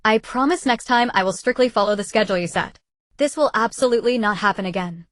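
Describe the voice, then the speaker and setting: A woman's voice: fairly high pitch, fast, no room sound, clean studio sound, lightly acted. A woman voicing a reckless young woman who pleads and makes excuses to her best friend, in an audiobook. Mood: pleading.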